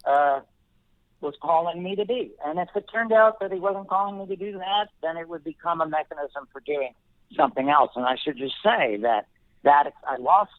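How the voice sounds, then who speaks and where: A middle-aged man telling a personal story as an interview guest, thoughtful and halting, pausing often and restarting his sentences. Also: on the high side, no echo. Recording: dry tinny phone line.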